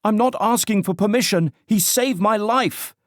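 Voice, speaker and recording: A man's voice: on the high side, animated, moderate pace, a little mellow, no room sound, studio quality, voice pushed up, natural voice. A man voicing a bold, teasing young woman with a British accent in an audiobook. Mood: shouting. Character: sassy, fiercely independent young woman rescuer.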